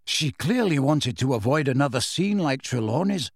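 A man's voice: mid-range voice, expressive, normal speed, no room sound, studio quality, close to an everyday voice. A man voicing a pompous, self-important teenage schoolboy with a sage-sounding manner.

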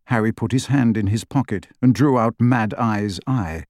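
A man's voice: fairly low pitch, moderate pace, few pauses, darkish tone, no room sound. Man with a dry, close narrating voice. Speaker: audiobook narrator. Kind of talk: scripted narration.

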